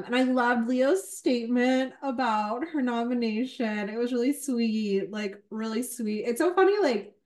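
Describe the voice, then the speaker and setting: A woman's voice: on the high side, darkish tone. Chatty woman film panelist. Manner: chatty, with joking asides and many fillers. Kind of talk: casual panel chat.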